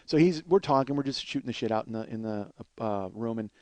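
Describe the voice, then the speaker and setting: A man's voice: medium pitch, fast talker, darkish tone, no room sound. A man in the middle of his range tells a long comedy story, swearing freely and stopping to restart his sentences. He now and then slips into voices of the people he describes. The sound is close and dry, with no room around it. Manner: profane, rambling anecdote with restarts; mimics other people's voices. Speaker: comedian podcast host. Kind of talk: storytelling monologue.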